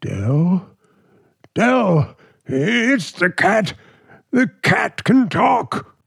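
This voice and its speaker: An actor playing a nervous, stammering husband in a 1940s radio play. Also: male voice, sits high, big pitch swings, very slow, gravelly, fairly bright tone, breathy edge, dry recording, clean studio sound, heavily acted. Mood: panicked. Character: timid frightened husband, Mr. Beaker.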